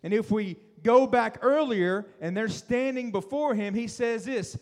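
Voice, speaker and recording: A man's voice: very high voice, a little slow, hardly any pauses, darkish tone, big-room sound. A man preaching a sermon in a conversational, emphatic way, acting out quotes as he retells the story. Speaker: pastor.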